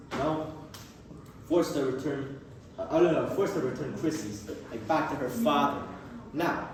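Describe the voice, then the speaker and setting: A man's voice: on the high side, slight background noise. A teenage boy casually retelling an old epic in a rambling, slangy way, often correcting himself. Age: teens. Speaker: storyteller. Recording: very echoey room from far off.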